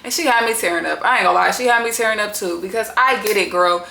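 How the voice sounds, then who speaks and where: Profane woman recapping reality tv, bright highish voice, echoey room. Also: fast talker, gravelly. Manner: profane, animated and opinionated. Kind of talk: casual recap.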